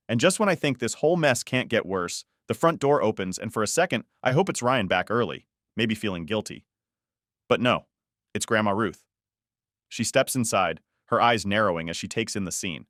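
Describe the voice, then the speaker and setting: A man reading a first-person story as a scripted narration, in an even, measured manner. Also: lowish voice, dry recording, studio quality.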